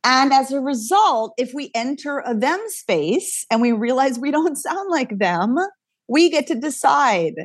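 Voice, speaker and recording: A woman, a dialect coach talking energetically as a guest, thinking out loud with quick restarts. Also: high-pitched, expressive, dry recording, studio quality. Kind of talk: casual interview chat.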